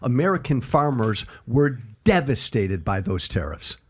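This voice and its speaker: A man's voice: medium pitch, sing-song, a little slow, breathy edge. Insistent male podcast guest. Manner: insistent, talks over the host. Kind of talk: debate on a podcast.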